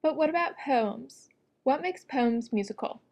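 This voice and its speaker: A woman's voice: high voice, animated, a little slow, darkish tone. Woman narrating a prepared lesson. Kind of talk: scripted educational narration.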